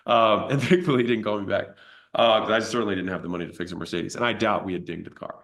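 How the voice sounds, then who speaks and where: A man with a fairly low voice tells a story from his early business days. His delivery is casual and conversational, and he is blunt enough to swear along the way. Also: quick pace. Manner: animated retelling of his own past. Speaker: entrepreneur telling a business story.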